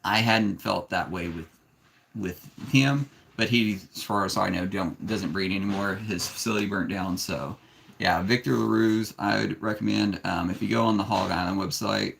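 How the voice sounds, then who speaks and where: Man, gravelly voice, snake breeder hosting a casual live stream; plainspoken and frank, gentle with a kid. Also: lowish voice, normal speed. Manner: plainspoken, giving frank advice; gentle, patient with his young son.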